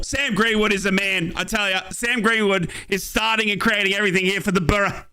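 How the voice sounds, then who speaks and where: A young Australian man giving excited fan play-by-play on a football match and chatting with viewers from his home office. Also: high voice, a little fast, hardly any pauses, clear, resonant tone. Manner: excitable, shouts at chances, chats with viewers. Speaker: watchalong streamer.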